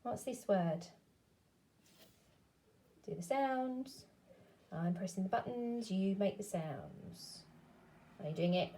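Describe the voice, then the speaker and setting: A woman teaching a phonics lesson to young children, sounding out words slowly and clearly and encouraging them to join in. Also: mid-range voice, mellow.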